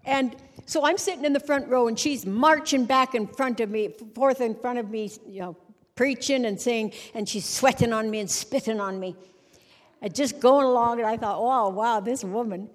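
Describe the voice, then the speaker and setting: A middle-aged woman giving a humorous storytelling sermon at a conference, animated and conversational, sometimes breaking into song to make a point. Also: fairly high pitch, normal speed. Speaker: conference speaker. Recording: long reverb of a large hall.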